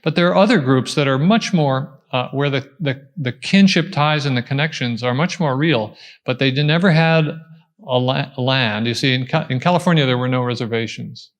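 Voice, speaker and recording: A man answering an audience question at a talk, explaining step by step, pausing and restarting as he thinks. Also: medium pitch. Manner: thoughtful, explaining step by step with frequent pauses and restarts.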